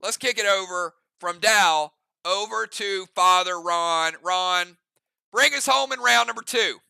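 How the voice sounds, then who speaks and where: High, bright-voiced male game master. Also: unhurried, gravelly, smooth, no room sound. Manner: casual, chatty, rambling asides. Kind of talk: narrating an online role-play game.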